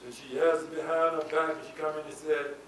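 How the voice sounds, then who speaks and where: A man giving a preaching lecture to an audience, building to shouted emphasis and asking rhetorical questions. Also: on the high side, little pitch movement, fairly quick. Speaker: spiritual leader giving a lecture. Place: lecture hall before an audience. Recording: echoey hall, voice from far off, faint hiss.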